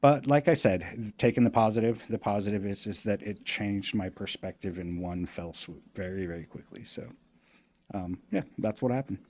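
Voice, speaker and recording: A man telling a story as a podcast guest in a loose, animated way. He laughs often and swears casually. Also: on the low side, normal speed.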